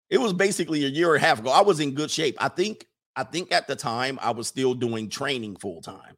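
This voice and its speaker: A young man hosting a casual livestream, reading viewer messages aloud and riffing on them, animated and laughing often. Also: medium pitch, moderate pace. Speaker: livestream host reading super chats.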